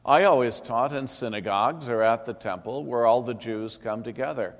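A composed teacher figure in a Bible reading, speaking in a calm, measured and firm voice, as a male narrator gives him voice. Long hall reverb. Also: mid-range voice, close to an everyday voice.

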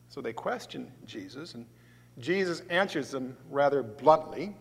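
A man preaching a sermon as a pastor, deliberate and emphatic, swelling loud on key words, in a church. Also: mid-range voice, lively intonation, vocal fry, husky. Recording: long reverb of a large hall.

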